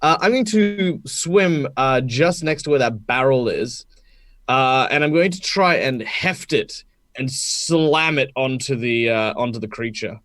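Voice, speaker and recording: Brief: chatty male player, expressive pitch, dry recording. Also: unhurried, no room sound. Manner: jokey, chatty. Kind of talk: casual tabletop game chat.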